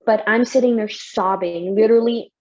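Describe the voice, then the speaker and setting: A young mother shares her experience in an open, emotional way, with frequent laughs. Her voice is mellow and soft-edged. The recording sounds dull and slightly lo-fi. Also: medium pitch, moderate pace. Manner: emotional, lively, laughs often. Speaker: interviewee, mother. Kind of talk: candid personal story.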